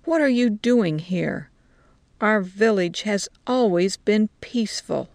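A woman's voice: medium pitch, lively intonation, slow pace, a little mellow, dry recording. A woman reading a story voices an old village woman who speaks mildly and plainly, puzzled by the soldiers. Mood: bewildered.

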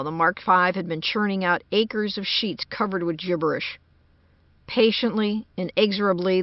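A woman narrating a short story as an audiobook in a measured, even manner. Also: on the low side, no echo. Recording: dull lo-fi dry recording.

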